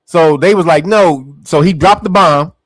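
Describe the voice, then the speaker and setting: High-voiced man in profane, mocking commentary. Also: normal speed, fairly bright tone, no echo. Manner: profane, mocking, laughs often, acts out voices. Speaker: commentary host. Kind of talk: casual political commentary.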